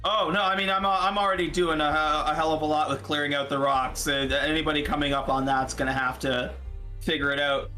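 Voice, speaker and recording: A man taking his turn in a tabletop role-playing game, explaining his moves in halting, stammering bursts. His voice is bright and sharp and sits a little high for a man. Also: steady tone, soft background music. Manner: hesitant, stammering. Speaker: player. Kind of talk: tabletop role-play chat.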